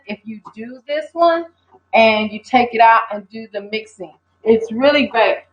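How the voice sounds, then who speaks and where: An older woman hosting a casual livestream, talking in a rambling, hesitant way and answering viewers. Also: fairly high pitch. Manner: rambling, hesitant, reads viewer comments aloud. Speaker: livestream host. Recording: dull lo-fi stream audio.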